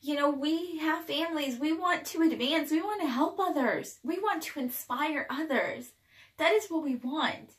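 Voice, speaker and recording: Tearful woman telling her story, echoey room. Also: high voice. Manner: emotional, tearful, halting with restarts. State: crying. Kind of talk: personal storytelling to camera.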